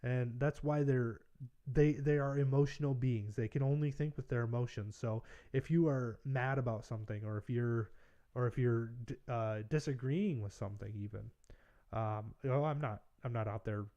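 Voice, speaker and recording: A man's voice: medium pitch, normal speed, warm tone, lo-fi sound. Sarcastic American man hosting a livestream. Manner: sarcastic, mocking asides. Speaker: political podcast host. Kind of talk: casual livestream commentary.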